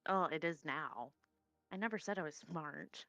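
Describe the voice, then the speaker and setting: A woman playing a tabletop game, excitable and quick to swear. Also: low-pitched, vocal fry, dry recording, soft background music. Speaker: player. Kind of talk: in-character tabletop play.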